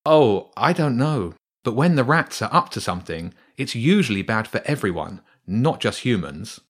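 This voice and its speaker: A man's voice: mid-range voice, big pitch swings, moderate pace, slightly rough. A man voicing a curious, polite young boy in a storybook reading, asking eager questions. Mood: earnest.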